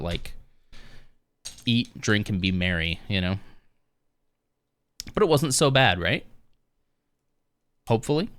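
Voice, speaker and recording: A man's voice: deep voice, fairly bright tone. A man streaming live, chatting casually with viewers in a rambling, easygoing way with lots of fillers.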